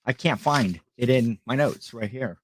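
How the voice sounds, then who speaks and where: A man's voice: medium pitch, measured pace, a little hiss or hum. A middle-aged man from Ohio hosting a casual live stream at home, rambling and greeting viewers by name.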